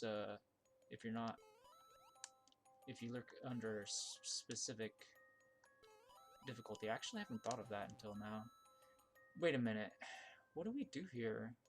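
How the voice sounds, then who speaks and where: A man giving casual live-stream commentary while playing viewer-made game levels, thinking aloud with restarts and fillers, and yelping when something surprises him. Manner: bursts of high excitement at surprises.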